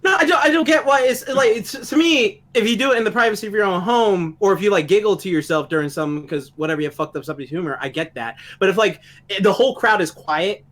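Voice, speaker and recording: A man's voice: high voice, fast, hardly any pauses. A man co-hosting a podcast, ranting in casual chat with lots of swearing. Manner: animated ranting with frequent profanity. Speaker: podcast co-host. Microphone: home microphone, live online show.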